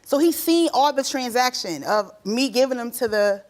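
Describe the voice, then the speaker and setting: A woman in her thirties, a talk show guest telling her side of a family dispute in animated, colloquial speech. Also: on the high side, moderate pace. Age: 30s. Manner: animated, acts out quoted voices; colloquial, repeats herself. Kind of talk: emotional testimony.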